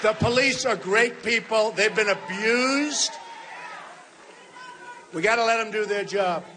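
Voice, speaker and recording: With background noise present, a high-pitched man in his sixties speaks at a measured pace. The political candidate is making an unscripted rally speech to a large hall, emphatic and repetitive, frequently speaking right to the audience.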